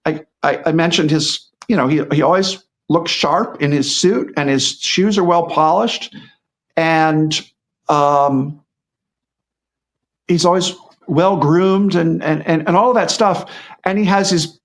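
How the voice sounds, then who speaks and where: A man's voice: on the high side, slow pace. A middle-aged man talking casually as a guest, rambling, with lots of restarts and repeated words. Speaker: guest commentator. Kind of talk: casual conversational commentary.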